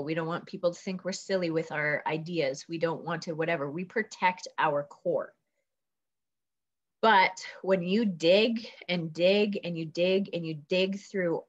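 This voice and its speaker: A woman with a lower voice gives an earnest motivational coaching talk on a business call. She rambles and leans on fillers as she goes. The sound is muffled, lo-fi video call audio.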